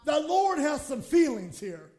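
A male pastor giving an impassioned sermon, moving between hushed reading and shouted points and acting out prayers. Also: very high-pitched, big pitch swings, measured pace. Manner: acts out quoted prayers in his own voice.

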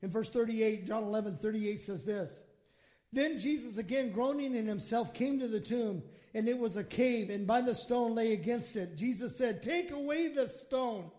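A man preaching a sermon with a very high-pitched voice. He swings from quiet, drawn-out scripture reading to loud, fervent exclamations, and he acts out prayers as he goes. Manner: impassioned preaching, swings from hushed to shouting; acts out quoted prayers in his own voice. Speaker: pastor.

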